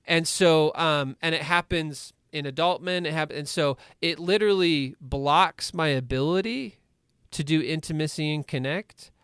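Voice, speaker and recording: A man in his forties, a recovery coach, talking in a casual podcast interview with lively stories and many asides. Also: a little high, unhurried, smooth, no room sound, studio quality. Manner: animated storytelling with many asides, "like" and "right?".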